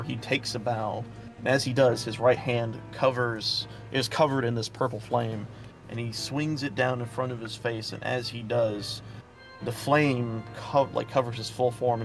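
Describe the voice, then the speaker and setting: Gravelly man narrating a tabletop game. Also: mid-range voice, steady tone, normal speed, faint music behind. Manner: loose, chatty narration with many fillers. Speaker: dungeon master.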